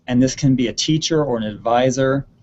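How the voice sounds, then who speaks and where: A man's voice: mid-range voice, brisk, darkish tone, muffled recording, slight background noise. A man giving earnest advice on stage performance in an online question-and-answer session, often repeating words for emphasis. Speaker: theater expert answering student questions. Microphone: video call.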